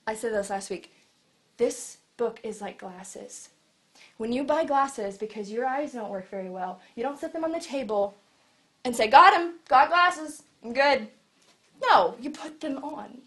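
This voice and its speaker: Animated woman preaching a sermon. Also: fairly high pitch. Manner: conversational and animated, acting out quoted voices.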